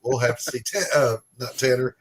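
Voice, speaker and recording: A man's voice: medium pitch, fairly even intonation, normal speed, husky. A middle-aged man hosting a podcast, rambling and self-deprecating as he chats with his guests. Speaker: podcast host. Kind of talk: casual chat.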